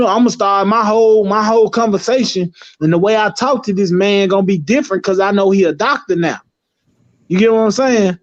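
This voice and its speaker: A man's voice: high-pitched, brisk. A man talking as a guest in casual chat, rambling and emphatic, swearing freely. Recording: dull lo-fi recording.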